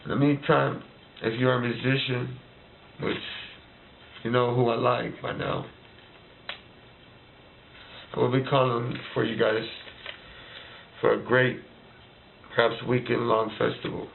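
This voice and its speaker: A man's voice: medium pitch, little pitch movement, measured pace, gravelly, long pauses, a little hiss or hum. A man delivering a heated political rant, firing off repeated rhetorical questions. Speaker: vlogger ranting to camera. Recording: tinny phone-like lo-fi recording.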